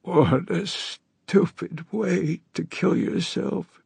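A man voicing a sick, dying old woman with a hoarse, wheezing voice and halting speech. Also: high voice, darkish tone, no room sound, pitched above the performer's own voice, exaggerated voice. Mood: weary, rueful. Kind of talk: audiobook character voice.

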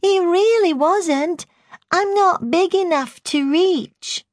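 A woman voicing a whiny little girl who speaks in slow, high baby talk and insists she is only two. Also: no room sound, studio quality. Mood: whiny insistent.

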